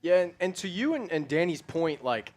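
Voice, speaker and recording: A man's voice: a little high, sing-song, normal speed. A man co-hosting a live sports stream, talking in a laid-back, casual way. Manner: laid-back, loose speech with fillers. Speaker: co-host.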